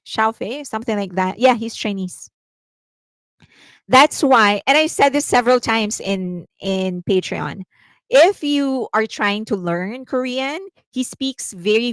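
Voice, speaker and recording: A woman's voice: mid-range voice, measured pace, no echo. A woman hosting a casual live-stream commentary, chatty, often restarting her sentences and laughing easily. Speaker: commentary channel host.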